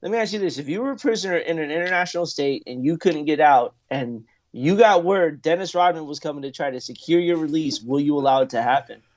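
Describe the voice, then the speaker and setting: A man's voice: a little high, expressive, fast, few pauses, a little mellow, dull audio. A man co-hosting a sports talk show, asking teasing questions in casual banter.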